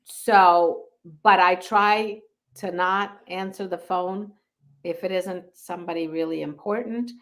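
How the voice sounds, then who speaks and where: A middle-aged woman from Hungary speaks as an interview guest. Her voice sits low, and she chats freely and laughs easily. Her answers come short and quick. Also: steady tone, fairly bright tone. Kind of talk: casual interview chat.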